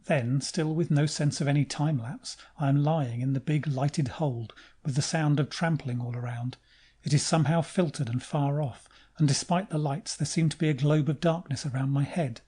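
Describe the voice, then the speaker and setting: Male audiobook narrator, dark mellow tone, measured first-person reading. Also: a little high, husky.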